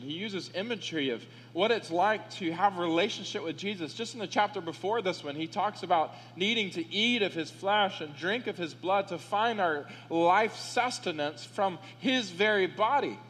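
A pastor preaching a sermon, reading scripture slowly and emphatically and building to fervent appeals to his congregation. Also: sits high, a bit bright, in a large hall, a little hiss or hum. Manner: slow, emphatic scripture reading with rising fervor.

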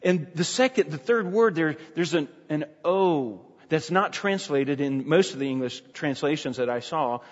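A man's voice: a little high, lively intonation, moderate pace, few pauses. A man preaching an expository sermon, emphatic, repeating key phrases and often restarting sentences. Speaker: pastor. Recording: dull sound with long hall reverb.

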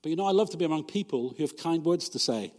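A man's voice: fairly high pitch, lively intonation, quick pace, a little mellow, in a large hall. A man, a pastor, preaching a sermon in a conversational, humorous way, often asking his listeners rhetorical questions.

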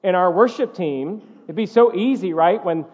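A man preaches from the pulpit in a high voice, driving his points home with emphatic repetition. The sound is dull and muffled, carried by a long reverb through the church sanctuary. He speaks as pastor to his congregation. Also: moderate pace, a little mellow. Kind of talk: sermon.

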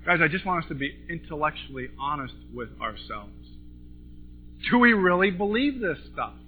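A man preaching a sermon to a congregation, impassioned, swinging between loud and soft. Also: fairly high pitch, sing-song, normal speed. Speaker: pastor. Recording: tinny phone-like recording with faint music.

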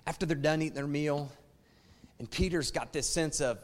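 A man's voice: fairly high pitch, normal speed. A man preaching a sermon in an emphatic, conversational way and often appealing directly to his listeners. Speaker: pastor. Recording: long reverb of a large hall.

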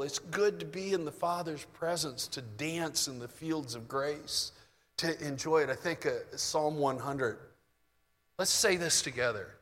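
A man preaching a sermon in a relaxed, conversational way, moving between soft asides and loud bursts. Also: fairly high pitch, takes it slowly, big-room sound. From United States. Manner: conversational, shifts from soft asides to mock shouting.

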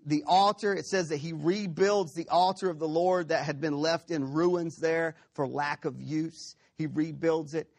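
A man preaching a sermon, retelling a story with lively acted-out quotes and frequent check-ins like "okay?". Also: a little high, vocal fry. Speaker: pastor.

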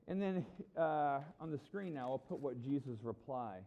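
A man preaching a sermon in a lively, conversational way, with humorous asides to his congregation. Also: mid-range voice, normal speed, hardly any pauses, dull audio. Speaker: pastor.

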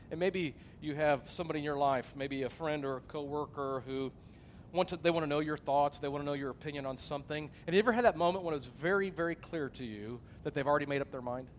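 A male pastor preaching a sermon in a plain, conversational way, earnest and personal. His voice sits a little higher than most men's, and a faint hiss runs under it.

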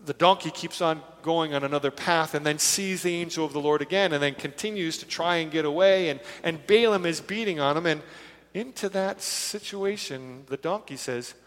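A man's voice: a little high, moderate pace, a bit bright. A man preaching a conversational sermon, retelling scripture in a casual way and briefly acting out its characters. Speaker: pastor. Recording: long reverb of a large hall.

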